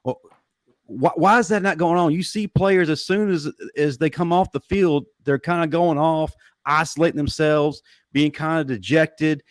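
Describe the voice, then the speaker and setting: A man hosting a sports talk podcast, probing his guests with quick questions. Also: a little high, no echo. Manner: probing, asks rapid questions. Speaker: show host.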